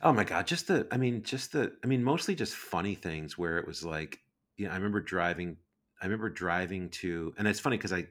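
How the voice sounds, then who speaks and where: A middle-aged man telling rambling, animated anecdotes as a guest on a podcast. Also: low voice, brisk. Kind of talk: casual storytelling.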